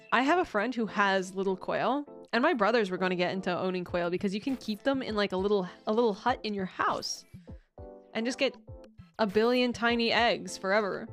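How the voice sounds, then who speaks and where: A young woman with a fairly high voice chats casually to her stream. She rambles, swears freely and breaks into laughter often. Soft music plays faintly behind her.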